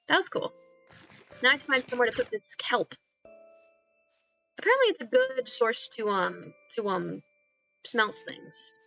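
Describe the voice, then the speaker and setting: A young woman chatters through a live game stream with a bright, keen edge to her fairly high voice. Her talk is excitable and self-mocking, with a gravelly fry that keeps creeping in. Soft music plays quietly behind her. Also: dull audio. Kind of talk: casual live-stream chatter while gaming.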